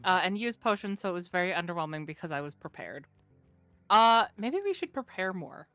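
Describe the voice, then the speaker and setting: A woman trades wry comments with a friend during a co-op game session. Her voice sits on the low side and is recorded close and dry, with no room sound. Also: big pitch swings, fairly quick, a bit bright, no room sound. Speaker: co-op gaming partner. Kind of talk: casual co-op gameplay chat.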